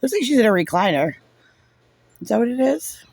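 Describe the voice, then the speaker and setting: A man's voice: very high voice, big pitch swings, a little fast, vocal fry, darkish tone, slightly rough, no echo. A man giving casual, sarcastic and frustrated reaction commentary on a recorded meeting, saying "like" constantly. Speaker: parent reviewing a recorded meeting.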